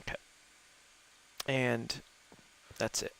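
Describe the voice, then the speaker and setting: Gravelly-voiced man chatting while gaming. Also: mid-range voice, flat delivery, extremely slow, fairly bright tone. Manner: chatty and easygoing, laughs often; thinks aloud with fillers. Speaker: gaming host playing with friends. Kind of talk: casual chat while gaming.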